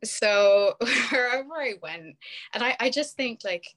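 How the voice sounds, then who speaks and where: A woman's voice: on the high side, expressive, unhurried, a bit bright. A young British woman, a podcast guest, chatting casually and telling stories with frequent laughs. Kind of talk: casual interview chat.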